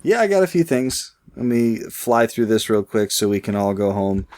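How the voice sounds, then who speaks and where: A man's voice: fairly low pitch, big pitch swings, moderate pace, a little mellow. A man co-hosting a casual podcast, wry and teasing, with many fillers and restarts. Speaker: podcast co-host.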